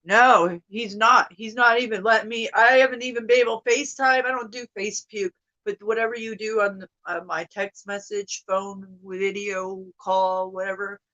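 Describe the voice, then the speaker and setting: A woman in her thirties venting to her viewers in an upset, profane monologue that swings from loud outbursts to hushed mutters. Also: medium pitch, steady tone, moderate pace, few pauses, dull audio. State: upset, emotional. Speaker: vlogger.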